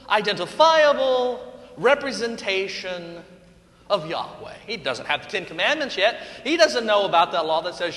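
Casting: high-voiced, bright male preacher, slow and expressive sermon delivery. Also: big-room sound. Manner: animated storytelling with playful asides.

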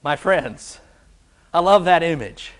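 A man preaching a sermon as pastor, slow and emphatic, building on repeated rhetorical questions. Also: a little high, lively intonation, fairly bright tone.

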